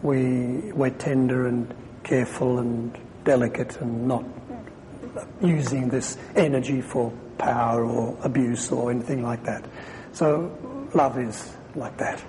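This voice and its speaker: A man's voice: mid-range voice, slow pace, big-room sound, noisy background. A man preaching a sermon on scripture in a conversational way, thinking aloud and restarting sentences.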